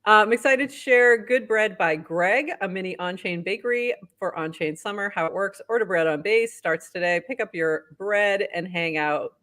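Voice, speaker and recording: A woman's voice: mid-range voice, normal speed, few pauses, a bit bright. A woman co-hosting a casual talk show, upbeat, reading posts aloud and laughing often. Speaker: podcast co-host. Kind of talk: casual news roundup chat.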